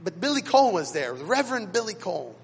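High-voiced male pastor preaching. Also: very animated, quick pace, creaky, breathy edge, in a large hall. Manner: dramatic storytelling with big swings in loudness. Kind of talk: sermon. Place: church sanctuary.

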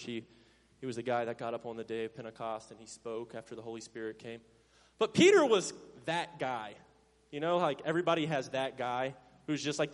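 A man preaching a sermon as pastor. He swings from loud emphasis to hushed, low tones and acts out Bible characters' lines in playful voices. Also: long reverb tail.

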